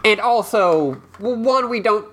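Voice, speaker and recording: A man's voice: high voice, lively intonation, a little slow, fairly bright tone. A man from Florida co-hosting a podcast, chatting casually and leaning on 'like' as he rambles. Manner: rambling, heavy use of 'like'. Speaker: podcast co-host. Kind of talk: casual chat.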